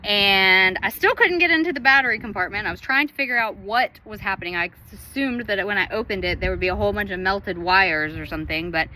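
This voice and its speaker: A woman's voice: medium pitch, a little fast, few pauses, pushed and bright. A woman in her thirties telling a family story in a chatty vlog, laughing often as she talks. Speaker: vlogger and mother.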